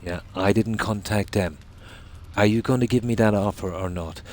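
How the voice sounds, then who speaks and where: A man's voice: lowish voice, moderate pace, darkish tone. A man streaming a game, chatting casually and telling long rambling stories. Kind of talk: casual chat while gaming.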